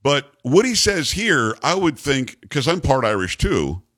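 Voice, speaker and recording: A man's voice: mid-range voice, measured pace. A middle-aged American man hosting a talk radio show, sarcastic and opinionated as he riffs with his co-host. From United States. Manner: animated, sarcastic, riffing with a co-host.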